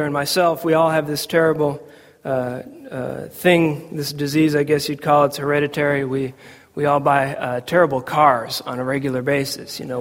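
A man, a pastor, preaching a sermon in a church and telling a family story in a relaxed, conversational way full of fillers and restarts. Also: fairly high pitch, in a large hall. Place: church sanctuary.

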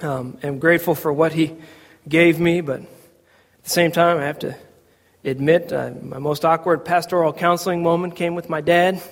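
High-voiced male pastor in a reverberant church. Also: fairly even intonation, normal speed. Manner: conversational storytelling with frequent fillers and restarts. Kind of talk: sermon. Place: church sanctuary.

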